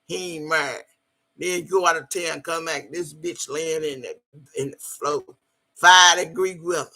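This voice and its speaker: A woman's voice: sits low, steady tone, unhurried, sharp tone. A woman, telling a story in a blunt, emphatic way and cussing freely. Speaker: vlogger. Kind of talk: profane storytelling monologue.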